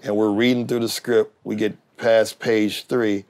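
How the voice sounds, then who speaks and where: A middle-aged man, a TV writer and producer, telling backstage stories in a relaxed, animated way, laughing as he goes and acting out the people he quotes. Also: fairly low pitch, unhurried, low-quality recording. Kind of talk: casual anecdotal storytelling.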